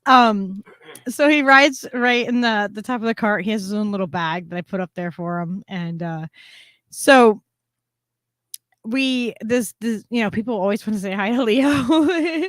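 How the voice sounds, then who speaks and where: A woman co-hosting a casual chat, telling a story in a bubbly way with lots of laughter and lively quoting. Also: a little high, no room sound, studio quality. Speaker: podcast co-host.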